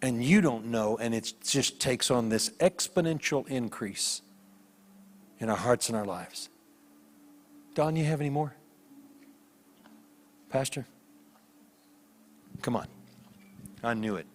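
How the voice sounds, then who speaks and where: A man preaching a sermon as a guest preacher, telling stories with lively voiced characters. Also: mid-range voice, takes it slowly, pauses often. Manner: animated storytelling with voiced characters. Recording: long hall reverb.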